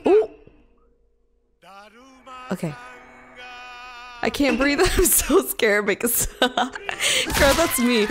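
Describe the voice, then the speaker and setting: A young woman hosting a gaming channel, giving excitable gameplay commentary with frequent squeals and gasps over game music. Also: high voice, drawn-out words, long pauses, noisy background. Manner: squeals, gasps and laughs often.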